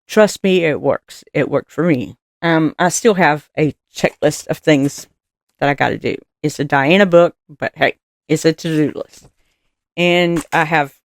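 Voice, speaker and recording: A woman with a deep voice gives a casual motivational talk as a vlogger, chatty and rambling with plenty of fillers. She is earnest and encouraging, laughing at herself, and the studio-quality recording has no echo.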